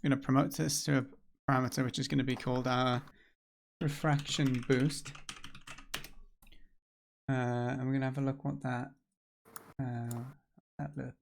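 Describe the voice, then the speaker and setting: Gravelly man streaming casually. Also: mid-range voice, little pitch movement, normal speed, pauses often. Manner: chatty, thinks aloud, self-deprecating. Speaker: livestream host learning game development. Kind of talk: casual live-stream chat while working.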